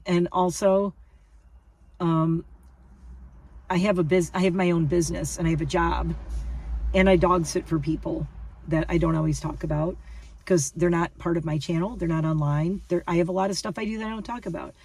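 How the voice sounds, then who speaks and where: A woman's voice: fairly low pitch, steady tone, normal speed, a little mellow, far from the mic. A woman rambling through a casual vlog monologue, chatty and self-deprecating. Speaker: vlogger.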